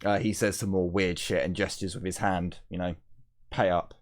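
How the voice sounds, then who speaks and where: A man narrating a tabletop game as game master, halting with many fillers, over an online voice call. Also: deep voice, level tone.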